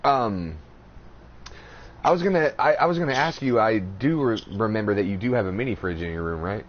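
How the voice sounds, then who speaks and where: Brief: male podcast host, animated storyteller, swears freely, dull lo-fi recording with faint hiss. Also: fairly low pitch, fairly quick. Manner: animated storytelling, profane, acts out quotes. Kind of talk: casual chat. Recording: dull lo-fi audio, faint noise.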